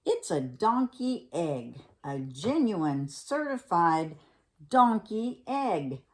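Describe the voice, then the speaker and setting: A woman voicing a sly, fast-talking male fox salesman with pushy sales patter in a storybook reading. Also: fairly low pitch, very animated, a little mellow, heavily acted. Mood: wheedling.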